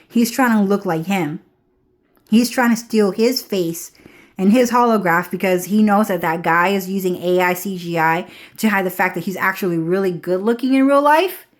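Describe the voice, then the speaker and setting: Rambling woman who keeps asking "okay?". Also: on the low side. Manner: rambling, often checks in with "okay?"; swears casually. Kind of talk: rambling casual monologue.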